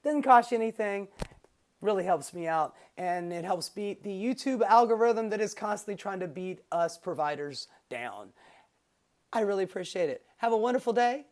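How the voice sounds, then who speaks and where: A woman's voice: medium pitch, lively intonation, normal speed, darkish tone. A woman YouTube commentator ranting casually and profanely about the news.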